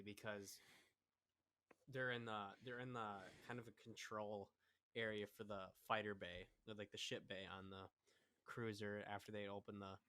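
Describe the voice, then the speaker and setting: A man's voice: lowish voice, a bit bright, no echo. A young man co-hosting a podcast in casual fan discussion, recapping scenes at length and stopping to correct himself. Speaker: podcast co-host.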